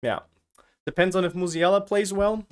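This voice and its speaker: A man's voice: sits high, moderate pace, clean tone. Jokey man hosting a live watch-along. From Germany. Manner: jokey, reads out and teases chat. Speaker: live stream host. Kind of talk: casual watch-along stream chat.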